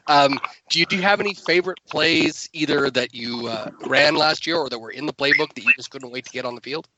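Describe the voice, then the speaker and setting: A man's voice: on the high side, brisk. Guy co-host asking about plays, noticeable noise behind. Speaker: podcast co-host. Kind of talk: casual podcast interview.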